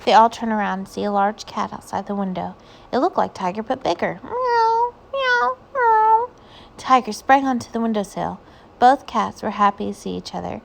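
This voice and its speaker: A woman reading a children's picture book aloud, with gentle storytelling. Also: mid-range voice, brisk, gravelly. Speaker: reader.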